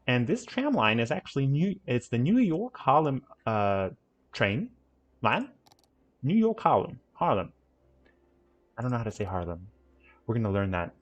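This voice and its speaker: A man's voice: mid-range voice, sing-song, normal speed, long pauses. A man hosting a game stream in casual chat, playfully trying out accents.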